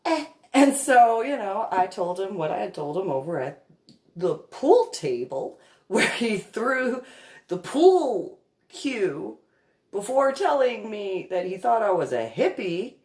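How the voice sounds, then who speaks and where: A woman's voice: medium pitch, big pitch swings, slow, darkish tone, roomy sound. A woman telling a comedic story in a sarcastic, giggly, mock-patient manner. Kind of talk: comedic anecdote monologue.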